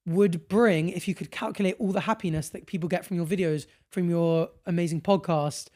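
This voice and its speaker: A young British man with a bright, fairly high voice, chatting on a podcast. He tells stories with energy, slips into little character voices for the people in them, and laughs easily. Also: brisk. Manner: animated, acts out voices in anecdotes, laughs often. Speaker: podcast co-host. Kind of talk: casual chat and storytelling.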